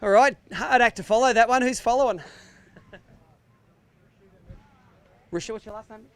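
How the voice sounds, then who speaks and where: A man's voice: very high voice, normal speed, a bit bright, dry recording. An Australian man emceeing a live fishing weigh-in outdoors by a lake, with jokey, upbeat banter. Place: outdoor lakeside weigh-in stage.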